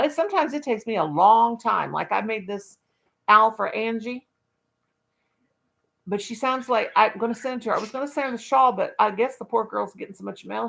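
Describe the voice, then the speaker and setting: A woman's voice: medium pitch, gravelly, fairly bright tone. A woman chatting casually on her livestream, folksy and talkative, breaking into baby talk to her dog now and then. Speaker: livestream vlogger.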